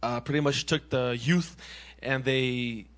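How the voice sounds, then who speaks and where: A man in his twenties from Massachusetts, sharing his personal testimony as a youth minister in an earnest, animated way, often restarting his sentences. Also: mid-range voice, measured pace. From Massachusetts, USA.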